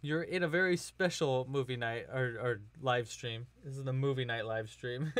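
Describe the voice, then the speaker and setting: A man from California hosts a relaxed crafting livestream, chatting and joking with viewers and laughing often. His voice sits in an ordinary middle pitch. It is dry and close, with no room echo. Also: moderate pace. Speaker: livestream host. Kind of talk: casual livestream chat while crocheting.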